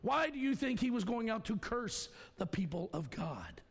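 A male pastor preaching a folksy sermon, swinging between shouts and hushed asides. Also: high voice, very animated, moderate pace, breathy edge. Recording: long hall reverb.

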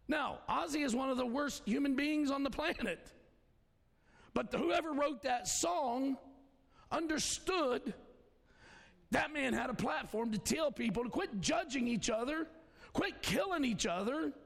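Gravelly-voiced preacher in a hall. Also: male voice, very high voice. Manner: folksy, preachy, swings between shouting and hushed tones. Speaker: pastor. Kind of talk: sermon. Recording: long hall reverb.

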